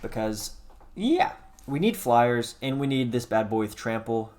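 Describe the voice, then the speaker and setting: A man's voice: mid-range voice, big pitch swings, a little slow, a little mellow. A young man giving casual gameplay commentary, thinking aloud as he plays, often correcting himself, with a wry tone when things go wrong.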